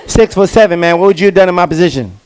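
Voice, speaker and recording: A man's voice: high-pitched, rapid-fire, a little mellow, clear, resonant tone. A young man doing a stand-up comedy set on stage, telling stories in street slang with lots of repeated fillers. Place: comedy stage before a live audience.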